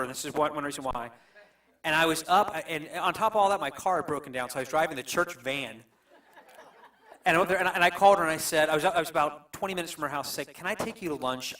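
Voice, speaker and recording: A middle-aged male pastor tells a story on a church panel. He pauses and restarts often and sounds emotional. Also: fairly high pitch, fairly bright tone, far from the mic, poor audio. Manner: halting, emotional, many restarts.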